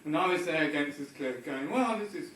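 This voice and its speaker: A man's voice: fairly high pitch, expressive, brisk. A man doing stand-up at an open mic, telling a rambling, self-deprecating story. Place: pub comedy room. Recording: echoey room from far off, loud background noise. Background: audience laughter.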